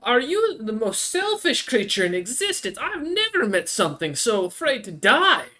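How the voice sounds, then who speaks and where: A man's voice: extremely high pitch, wildly swooping pitch, normal speed, pushed and bright, voice pushed up, full character voice. A man voicing a menacing sentient blade that has taken over a body, cold and contemptuous. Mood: scornful.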